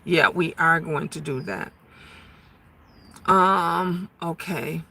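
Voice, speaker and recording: A woman in her fifties talking loudly and emphatically on a casual livestream, chatting and answering viewer comments. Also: low voice, extremely slow, vocal fry, husky. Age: 50s. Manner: loud, emphatic talker who gets louder when emotional.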